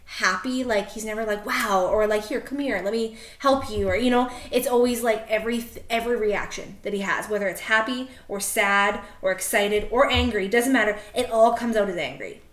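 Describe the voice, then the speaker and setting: A woman co-hosting a podcast in casual chat, telling animated stories, laughing often and acting out her father's gruff replies. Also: mid-range voice, brisk, few pauses, echoey room. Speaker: podcast co-host. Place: podcast studio.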